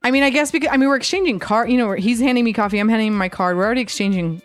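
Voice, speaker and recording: A woman's voice: on the high side, rapid-fire, faint music behind. A woman co-hosting a podcast, telling a story in a casual rant, swearing freely and acting out the other people's lines. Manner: animated storyteller, swears freely, acts out quotes. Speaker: podcast co-host. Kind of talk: casual chat, ranting.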